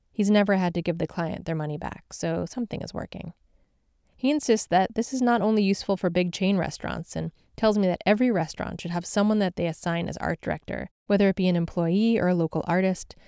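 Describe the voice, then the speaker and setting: A woman hosting a podcast, giving a measured, scripted narration. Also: fairly low pitch, mellow, clear, resonant tone, no echo, studio quality.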